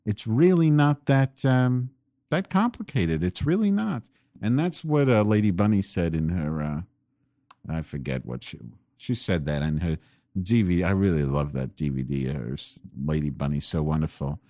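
A man's voice: sits low, lively intonation, normal speed, mellow, dry recording, clean studio sound. A man hosting a home-recorded podcast, talking in a rambling, profane political rant that grows angry. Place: home desk. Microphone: desk microphone pointed at keyboard.

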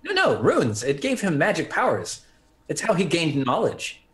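A man's voice: a little high, wildly swooping pitch, normal speed, a bit bright. A man playing a tabletop game, talking with enthusiasm. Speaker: player. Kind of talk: tabletop role-play.

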